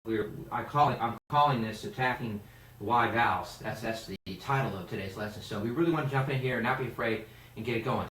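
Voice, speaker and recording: A man's voice: mid-range voice, a little fast. A man teaching a singing lesson as a vocal coach, explaining technique and singing exercises to show how they go. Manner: animated, demonstrates exercises by singing. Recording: roomy, mic at a distance, piano playing.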